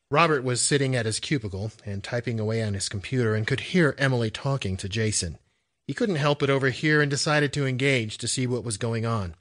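A man's voice: mid-range voice, fairly quick, a bit bright. Man narrating an audiobook. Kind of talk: scripted narration.

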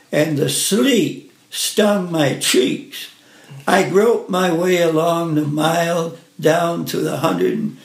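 A man gently reading a first-person family story aloud in an unhurried way. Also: a little high, vocal fry. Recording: roomy echo.

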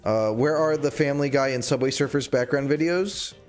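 A man's voice: mid-range voice, brisk, faint music behind. A man livestreaming a game in casual chatter, joking around, reading chat aloud and breaking into sudden squeals and yelps.

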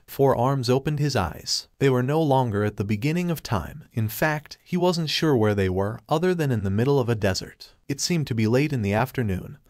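A man's voice: medium pitch, expressive, normal speed, hardly any pauses, a little mellow, no echo, clean studio sound. Man reading fan fiction aloud. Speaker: narrator.

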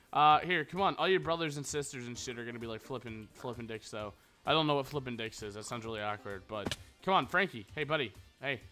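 A man's voice: mid-range voice, pushed and bright. A young man rambling and joking crudely as he narrates his own Minecraft game. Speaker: gaming YouTuber. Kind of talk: casual Minecraft let's play commentary. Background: background music.

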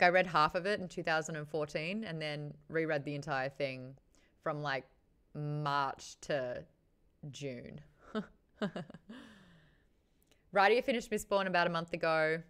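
A young woman with an Australian accent, hosting a book club livestream in chatty, offhand talk full of quick asides. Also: lowish voice, a bit bright, smooth. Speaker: host of a book club stream. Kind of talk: casual livestream chat.

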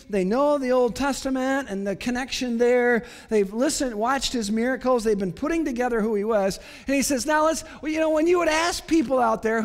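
A male pastor preaching a sermon, animated, moving between quiet asides and emphatic declarations. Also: extremely high pitch. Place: church sanctuary. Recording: long church hall reverb.

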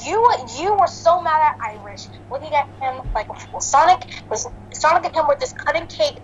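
Woman doing a blunt hedgehog guy pointing fingers, highish, faint hiss. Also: animated, moderate pace, lo-fi sound. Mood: accusing. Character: blunt male rival hedgehog, accusing. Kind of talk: fan voice acting of a game.

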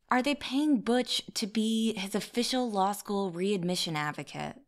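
A woman host delivers scripted podcast narration. She is measured and raises questions as she goes. Her voice sits at an ordinary pitch.

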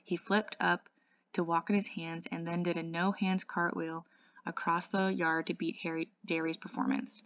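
A woman, an English tutor, reading a novel aloud in a steady voice, with small slips and restarts. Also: lowish voice, moderate pace, no echo, muffled recording.

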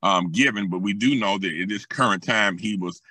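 Bright, husky-voiced pastor preaching. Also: male voice, lowish voice, moderate pace, dry recording. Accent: Southern US. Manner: builds from calm teaching to raised, emphatic preaching; hesitant fillers and restarts while explaining scripture. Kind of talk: sermon.

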